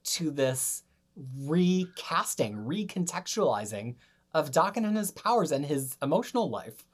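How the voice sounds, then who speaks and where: Low-voiced woman hosting a podcast. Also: very animated, measured pace, husky. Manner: enthusiastic, leads the discussion. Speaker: podcast host. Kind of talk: casual chat about comics.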